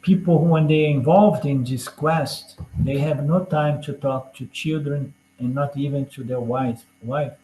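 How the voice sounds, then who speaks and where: A man gives a relaxed spiritual lecture, his voice sitting a little higher than most men's. He talks casually, leaning on "you know?" and playful asides. The sound carries the echo of a roomy room. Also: unhurried, few pauses, a little hiss or hum. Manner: chatty, peppers points with "you know?" and jokes. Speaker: scripture class teacher. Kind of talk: conversational lecture.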